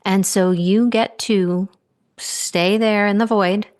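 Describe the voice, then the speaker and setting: A woman podcast host guiding a guest through a gentle coaching conversation, soothing and affectionate, often drawing out her phrases. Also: medium pitch, steady tone, slow pace, no room sound, clean studio sound.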